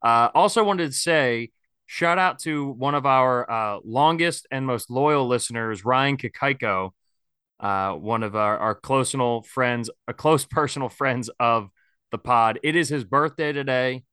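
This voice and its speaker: A male podcast host chatting casually and candidly, with a bright, forceful tone. His voice is smooth and clear, recorded dry and close on a podcast mic. He rambles a little, leaning on fillers. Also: medium pitch, measured pace, no echo. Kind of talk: casual sports podcast chat.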